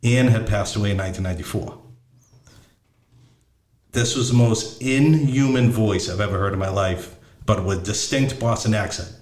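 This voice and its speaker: A man's voice: lowish voice, moderate pace, a little mellow, reverberant. A middle-aged man telling a story casually, blunt and profane, often restarting as he searches for words. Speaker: podcast host.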